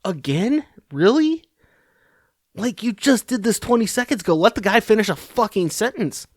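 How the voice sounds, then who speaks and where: A man's voice: high-pitched, lively intonation, moderate pace, dry recording, studio quality, voice pushed up. A man voicing an impatient, eye-rolling woman politician in a sarcastic, mocking tone. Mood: exasperated.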